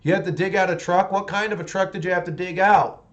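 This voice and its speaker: A man in his forties talks loosely to his livestream viewers while he paints, and his voice sits somewhat high for a man. His sentences wander and restart often as he rambles from one thought to the next. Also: steady tone, fast talker, dull audio. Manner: rambling and chatty, with many restarts. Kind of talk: casual livestream chat.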